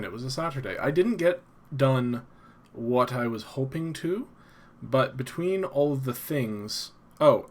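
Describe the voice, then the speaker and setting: A man hosting a casual evening livestream from home, rambling along and greeting viewers as they arrive. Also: mid-range voice. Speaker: livestream host. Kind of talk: casual solo livestream chat.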